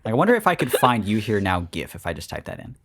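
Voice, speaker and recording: Young man with a low voice, casual chat. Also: fast. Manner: swears freely, animated when joking. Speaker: podcast co-host.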